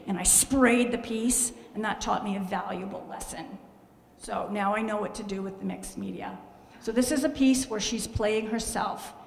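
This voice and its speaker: A woman artist from Canada tells lively, self-mocking stories about her work in a gallery talk. Her voice has a gravelly, fry-tinged edge. It rings out through a roomy hall with a long reverb tail. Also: medium pitch. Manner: animated storytelling, exclaims and jokes at herself. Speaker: glass artist giving a talk.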